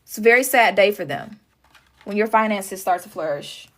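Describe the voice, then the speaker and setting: A woman's voice: medium pitch, expressive, moderate pace. A woman doing a casual tarot reading, talking straight to her viewers with emphatic repetition. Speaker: tarot reader.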